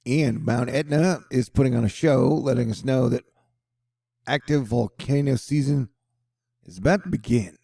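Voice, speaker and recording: Gravelly man joking through weather news. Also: mid-range voice, normal speed, warm tone, no echo, clean studio sound. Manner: joking, rambling, playful asides. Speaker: host. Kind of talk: casual weather news commentary.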